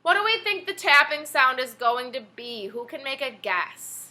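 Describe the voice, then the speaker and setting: An elementary teacher leads an online read-aloud over a video call, patiently encouraging her young students and asking them questions. Her voice is high-pitched and very animated, with a moderate pace and a sharp tone.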